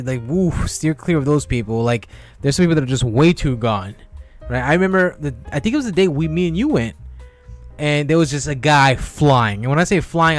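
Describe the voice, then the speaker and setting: A young man telling a story in casual podcast chat, swearing freely and packing his talk with fillers. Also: mid-range voice. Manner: profane, animated storytelling with many fillers. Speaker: podcast co-host.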